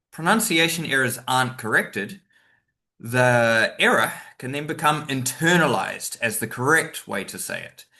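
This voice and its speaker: This man's mid-range voice sounds pushed and bright as he talks casually through a teacher-training webinar. Fillers and asides crop up often, and he occasionally acts out example sentences, stressing key words.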